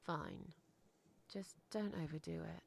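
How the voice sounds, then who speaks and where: A woman's voice: deep voice, slow pace, creaky, slight background noise, full character voice. An actress playing a reluctant, grumpy woman who dislikes babies and agrees only grudgingly. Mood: hesitant. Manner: hesitant and grudging, complains.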